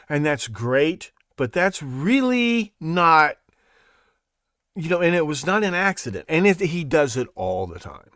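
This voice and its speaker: A man's voice: on the high side, big pitch swings, unhurried, a bit bright, no echo, studio quality. A man hosting his own show, talking in a rambling, sarcastic way and laughing at his own jokes. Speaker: podcast host. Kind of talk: casual monologue.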